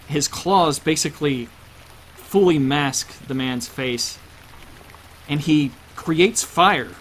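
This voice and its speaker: Game master for a tabletop session, steady descriptive narration, slightly high voice. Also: male voice, slow, a little hiss or hum.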